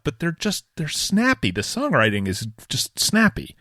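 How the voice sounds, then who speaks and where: A man's voice: medium pitch, big pitch swings, brisk, hardly any pauses, pushed and bright, no room sound. A man co-hosting a podcast, chatting casually with dry, wisecracking humor. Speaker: podcast co-host. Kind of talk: casual chat.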